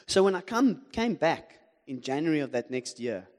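A man's voice: on the high side, sing-song, normal speed, darkish tone. A man with a South African accent preaching a sermon, telling a story with animation and humor and putting questions to the congregation. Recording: long hall reverb.

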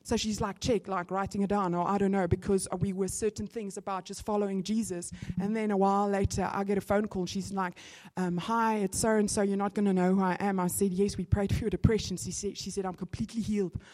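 A woman's voice: medium pitch, fairly quick, hardly any pauses. A woman with a South African accent preaching a testimony sermon and acting out conversations as she tells them. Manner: animated storytelling, acting out conversations. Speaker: church speaker.

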